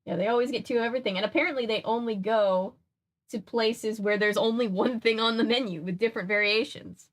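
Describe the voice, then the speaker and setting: A woman's voice: on the high side, brisk. Young woman host, chatty reader, breaks off to joke with chat. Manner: chatty, joking asides. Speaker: streamer reading a kids' book. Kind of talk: casual read-aloud with chat asides.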